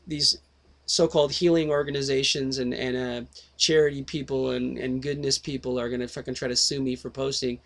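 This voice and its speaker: A man's voice: on the high side, a bit bright. Profane rambling man on a headset. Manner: swears constantly, tangents, self-interrupting. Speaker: video host.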